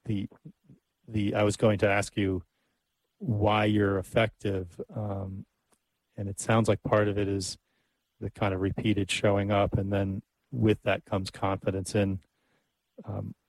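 Male host, lowish monotone voice, asks long, winding questions. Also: unhurried, pauses often, no echo, low-quality recording. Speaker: host, interviewer. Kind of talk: interview conversation.

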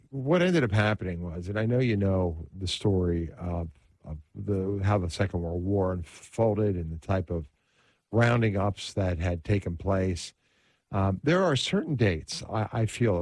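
A man's voice: low-pitched, darkish tone, slightly rough, no echo. A man hosting a religious talk show who tells stories of saints in an earnest, devout way. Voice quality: earnest, devout storytelling manner. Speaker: host.

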